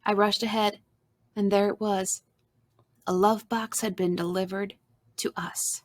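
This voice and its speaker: A woman reads a children's storybook aloud in a soft, expressive first-person telling. Her voice sits at an ordinary middle pitch and is recorded dry and close, with no room sound. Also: measured pace, no echo.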